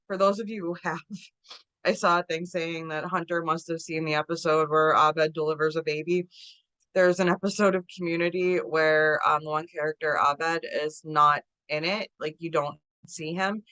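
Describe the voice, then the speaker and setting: A woman co-hosting a podcast, telling stories in a lively, casual way and acting out quotes. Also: low-pitched, moderate pace, dry recording. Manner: animated storyteller, acts out quotes, laughs often. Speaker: podcast co-host. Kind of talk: casual chat.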